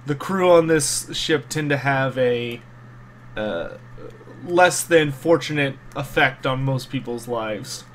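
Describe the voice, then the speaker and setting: A man voicing a wary male ship's officer who asks probing, measured questions in a tabletop game. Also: medium pitch, slight background noise, lightly acted. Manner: measured, insinuating.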